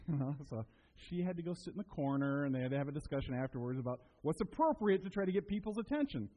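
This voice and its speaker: A male pastor preaching with a lively, up-and-down delivery, breaking into little acted-out voices while he tells stories. His voice sits a bit high and has a husky edge. He speaks to a congregation in a church. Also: fast, poor audio. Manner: animated storytelling, acts out quotes. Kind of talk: sermon.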